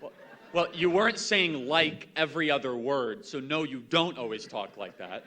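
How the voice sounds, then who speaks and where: A young man speaking on a stage panel, quick and sarcastic. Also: on the high side, expressive, sharp tone.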